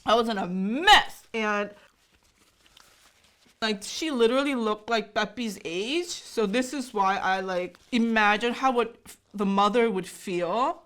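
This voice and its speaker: A woman's voice: on the high side, slow pace, a bit bright. A woman in her thirties, a native Korean speaker, giving an emotional, gushing reaction commentary full of fillers. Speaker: YouTube host.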